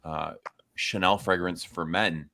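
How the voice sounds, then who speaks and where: Low-voiced man, chatty co-host. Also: fairly even intonation, slow pace, creaky, sharp tone. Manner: chatty, playful, jokes about ads. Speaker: livestream co-host. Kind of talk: casual chat about perfume.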